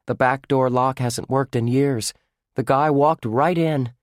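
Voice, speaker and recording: A man's voice: medium pitch, unhurried, no echo, clean studio sound, pitched above the performer's own voice, close to an everyday voice. Man voicing a glum boy, Lucky. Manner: glum, explaining. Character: boy upset about a theft.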